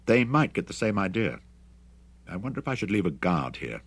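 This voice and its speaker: A man's voice: sits low, big pitch swings, brisk, breathy edge, heavily acted. A man voicing a blunt male mercenary commander who talks curt and commanding.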